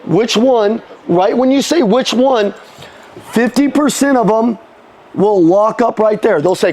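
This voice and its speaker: Sales trainer, male, high voice, punchy call-and-response coaching to a live room. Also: darkish tone. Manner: casual, swears, quick restarts.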